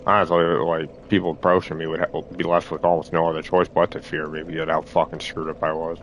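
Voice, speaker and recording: A man rambling through a halting monologue, repeating himself, restarting phrases and swearing as he tries to reassure himself. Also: rumbling low, lo-fi sound, a little hiss or hum. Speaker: streamer.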